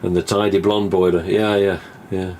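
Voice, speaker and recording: Man, live stream host, rambling casual talk, low voice. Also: level tone, moderate pace, darkish tone, slight background noise. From England. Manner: chatty, swears casually, acts out remembered dialogue.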